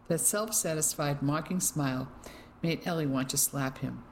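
A woman narrating a story in a steady, measured way. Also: low voice, a little hiss or hum, poor audio. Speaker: audiobook narrator. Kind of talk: scripted narration.

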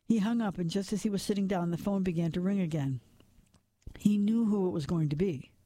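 High mellow man narrating noir. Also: no echo. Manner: measured, drops to a whisper at tense moments.

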